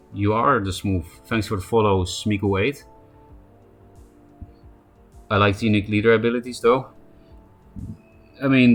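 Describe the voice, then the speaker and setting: Guy streaming, kinda low voice, rambly, um uh a lot, quiet music in the back. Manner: rambling, thinking aloud with fillers. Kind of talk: casual live-stream commentary.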